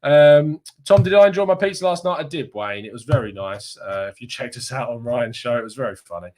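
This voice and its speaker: A man's voice: medium pitch, animated, fairly quick, darkish tone. A young man from Kent with a southeast English accent, hosting a casual live stream and reading viewer comments aloud with frequent laughs. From Kent, England. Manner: chatty, laughs often, reads comments aloud. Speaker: fan channel host reading live chat.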